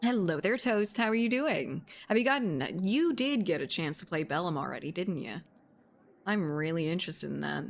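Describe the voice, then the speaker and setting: A woman's voice: fairly low pitch, expressive, moderate pace, gravelly. Laughing, swearing woman streamer. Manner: chatty, laughs often, swears freely, reads chat aloud. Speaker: game streamer chatting with viewers. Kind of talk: casual live-stream chat.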